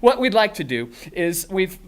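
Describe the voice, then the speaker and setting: A man's voice: high voice, sing-song, moderate pace. A man performing as a ventriloquist, playing the patient straight man who keeps correcting his partner. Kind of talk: comedy puppet routine with a studio audience.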